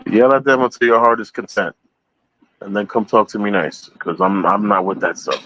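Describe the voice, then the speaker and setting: A man's voice: fairly low pitch, steady tone, normal speed, a bit bright, low-quality recording. A man chatting casually as a podcast guest, rambling and repeating himself, with easy laughter as he talks. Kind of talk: casual chat.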